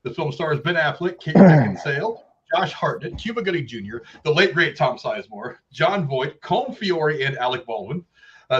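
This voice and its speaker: A man's voice: mid-range voice, fairly bright tone. Laid-back male podcast host, lo-fi sound. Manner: laid-back, chuckling, many fillers. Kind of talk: casual chat and read-out intro. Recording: dull lo-fi audio.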